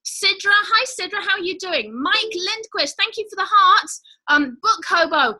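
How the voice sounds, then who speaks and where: A woman's voice: extremely high pitch, lively intonation, moderate pace, pushed and bright, poor audio. A woman hosting a live online show, chatting casually with viewers in a bubbly way with lots of fillers. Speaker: livestream host.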